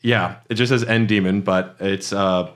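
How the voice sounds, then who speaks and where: Low-voiced man explaining, full of "uh"s. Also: fairly even intonation, moderate pace. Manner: explains at length with many "uh"s and "like"s. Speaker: podcast co-host. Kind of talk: casual chat about a video game.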